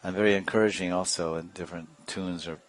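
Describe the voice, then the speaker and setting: A man's voice: low voice, fairly even intonation, fast. A man teaching a devotional class, telling stories animatedly with imitated sounds and chuckling asides. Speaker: spiritual teacher.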